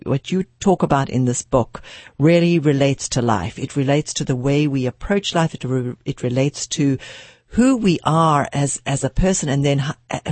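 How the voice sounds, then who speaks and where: A male radio host with a slightly husky, fairly high voice, recorded dry and close. He speaks haltingly, restarting his sentences, and affirms his guest often. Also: a little mellow, no echo. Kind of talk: radio interview.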